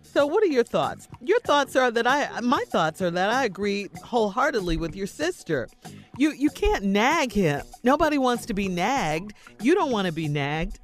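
Brief: woman, radio advice host, congested, firm and direct, lively pitch, faint music. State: slightly congested. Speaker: radio co-host reading and answering letters.

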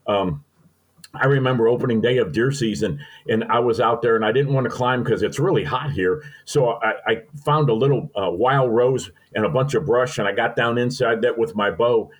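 Older male podcast guest, folksy and sentimental storyteller, mid-pitched. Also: normal speed, low-quality recording. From Missouri. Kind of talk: storytelling interview.

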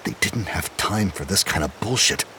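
A man narrating an audio drama in a measured storytelling way. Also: sits low, expressive, bright, forceful tone, a little hiss or hum.

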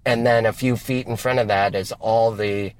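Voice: mid-range voice, steady tone, moderate pace, a little mellow, poor audio. A person chatting casually on a comedy podcast, playful and laughing, riffing into silly bits. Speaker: podcast co-host or guest.

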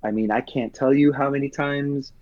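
A man and Broadway actor, telling a personal story in an interview with earnest, halting emotion and frequent restarts. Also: mid-range voice, fairly even intonation, darkish tone. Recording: dull lo-fi sound.

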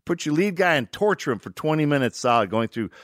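A man's voice: on the high side, fast talker, dry recording, studio quality. An older man telling stories in casual conversation, swearing freely and acting out other people's lines. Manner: animated, acts out other people's lines in shouts and mimicry. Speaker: podcast guest, actor. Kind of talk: casual storytelling.

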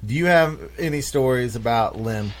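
A man's voice: medium pitch, animated, moderate pace. A man hosting a podcast, asking his guest easygoing questions in a casual chat. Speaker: podcast host.

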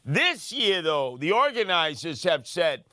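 A man's voice: on the high side, very animated, a little slow, sharp tone, no echo, studio quality. A man from Brooklyn hosting talk radio, with brash, mocking street talk. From Brooklyn, New York. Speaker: radio host. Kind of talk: talk radio banter and commentary.

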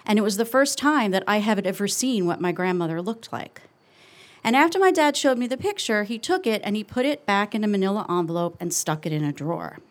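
A middle-aged woman telling a personal story on stage, earnest and confessional, slowing down with reflective pauses. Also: mid-range voice, lively intonation. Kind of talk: live storytelling.

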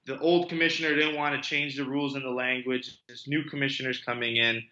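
A man's voice: medium pitch, level tone, a little fast, pushed and bright, highs cut off. A man co-hosting a podcast, teasing and playful in casual chat. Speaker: podcast co-host, former kickboxer.

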